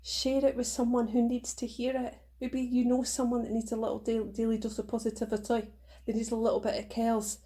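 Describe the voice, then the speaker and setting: A woman's voice: a little high, flat delivery, brisk, mellow. A woman hosting her own podcast, talking to listeners in an earnest, encouraging and emotional way. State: tearful at times. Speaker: podcast host. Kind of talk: motivational podcast monologue.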